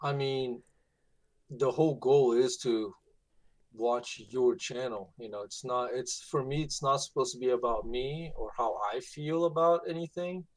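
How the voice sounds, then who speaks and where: A man's voice: medium pitch, unhurried, dry recording. Emphatic man, a stream moderator. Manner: animated, emphatic, says "man" and "like" a lot. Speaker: channel moderator. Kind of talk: casual live-stream chat.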